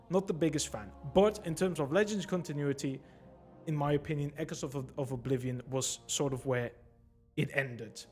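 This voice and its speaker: A young man giving a casual opinion vlog about a video game, exasperated and swearing at times. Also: on the high side. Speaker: gaming commentator.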